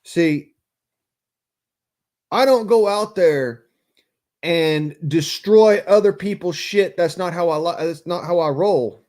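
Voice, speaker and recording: A man's voice: high voice, slow, pauses often, darkish tone. A man ranting angrily and profanely on a live stream, bitter and heated. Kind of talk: angry live-stream rant.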